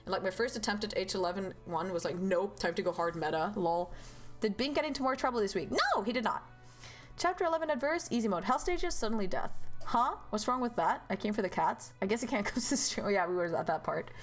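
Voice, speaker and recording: A young woman streaming a game, chatting casually and animatedly with viewers, with loud outbursts and swearing. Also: mid-range voice, animated, quick pace, hardly any pauses, faint music behind. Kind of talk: casual live-stream chat.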